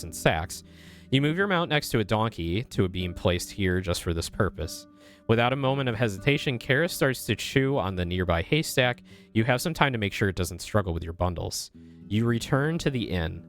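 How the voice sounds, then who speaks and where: A young man streaming, reading a text game aloud and chatting in a playful, casual way. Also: fairly low pitch. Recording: faint guitar music behind.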